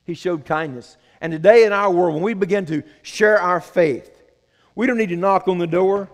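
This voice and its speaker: A man's voice: sits high, normal speed, long reverb tail. A man preaching a sermon as pastor, earnest and conversational, asking the congregation questions.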